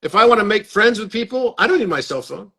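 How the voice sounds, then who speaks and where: Live stream host, male, earnest, repeats himself, voice a touch high. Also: expressive, quick pace, vocal fry, bright, forceful tone, breathy edge. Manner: earnest, inviting, repeats words. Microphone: phone or webcam on a live stream.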